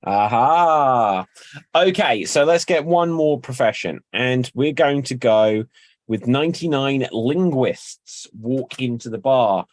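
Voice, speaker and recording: Male improv host, unhurried delivery, dry sound, chuckles at puns. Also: medium pitch, lively intonation, no echo. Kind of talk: casual improv hosting.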